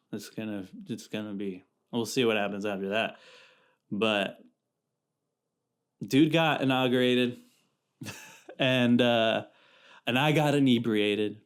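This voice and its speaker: A young man from California talks on his own podcast in a loose, easygoing ramble full of slang. He often breaks off and restarts his sentences. His voice sits in an ordinary middle pitch. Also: takes it slowly, gravelly, pauses often, clear, resonant tone. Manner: rambling, slangy, self-interrupting. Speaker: podcast host. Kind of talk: casual solo podcast chat.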